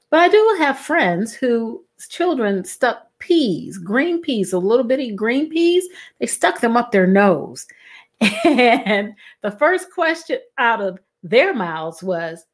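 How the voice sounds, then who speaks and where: A middle-aged woman, talking to her listeners in a casual, expressive way and acting out the questions she quotes. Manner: expressive, acts out quoted questions with big pitch swings. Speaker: host.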